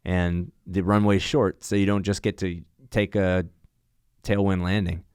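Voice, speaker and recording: Casting: male airline pilot guest, low smooth voice, dry close sound, animated storyteller. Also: measured pace, no room sound. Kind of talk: casual podcast chat.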